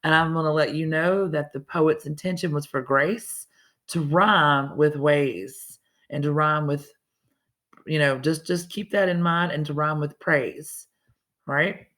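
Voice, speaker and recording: A woman's voice: sits low, unhurried, fairly bright tone. A woman teacher with a Southern US accent, explaining a poetry lesson step by step in a chatty way, with self-correcting asides. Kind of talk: recorded online reading lesson.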